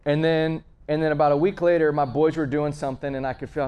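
A man preaching a conversational sermon, earnest and storytelling, swinging between emphatic lines and hushed asides. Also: mid-range voice, steady tone, quick pace, hardly any pauses, clear, resonant tone. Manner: frequent fillers and restarts, storytelling.

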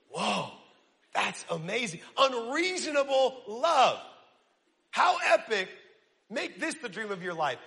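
Man, young preacher, high bright voice, lively slangy sermon, long hall reverb. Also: slow, creaky. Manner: energetic, slangy, quizzes the audience. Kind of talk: casual sermon.

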